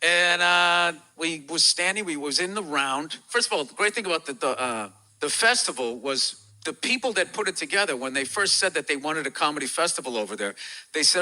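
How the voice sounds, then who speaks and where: An American comedian, a guest on a talk show, tells stories briskly in a voice that is high for a man and strikingly bright and cutting. He swears freely and launches into loud, animated impressions of the people he quotes.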